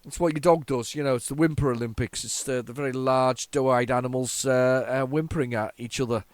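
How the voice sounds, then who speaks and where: A man's voice: mid-range voice, fairly even intonation, brisk. A man hosting a retro gaming video, chatting casually and rambling as he loads old game tapes, with lots of restarts. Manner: rambling, waffling with many restarts. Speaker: retro gaming channel host. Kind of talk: casual commentary while loading old tapes.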